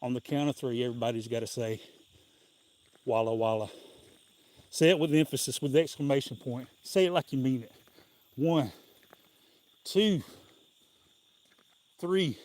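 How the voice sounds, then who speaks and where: A man with a Southern US accent hosts a casual live stream while out on a walk. His voice sits at an ordinary middle pitch, and he talks in a loose, folksy, meandering way, breaking into small chuckles. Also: fast talker, a little mellow. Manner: rambling folksy storytelling, chuckling often. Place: outdoors on a walk.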